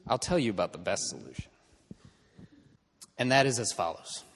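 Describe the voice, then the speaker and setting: A man's voice: fairly low pitch, big pitch swings, normal speed, fairly bright tone, long reverb tail, a little hiss or hum. A man teaching an in-person class in a conversational lecture style, checking in with his students as he explains.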